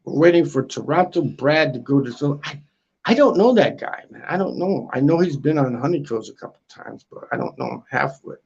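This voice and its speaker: A man's voice: mid-range voice, lively intonation, fairly quick, gravelly, darkish tone, slightly rough, muffled recording. A man in his sixties from the United States, rambling crudely on a casual livestream, tacking "man" onto his lines, outdoors on a balcony. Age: 60s. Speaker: livestream host.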